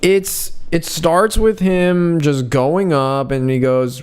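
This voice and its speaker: A man's voice: medium pitch, measured pace, hardly any pauses, darkish tone, clean tone. Storytelling man in casual podcast chat. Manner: storytelling, acts out quoted lines.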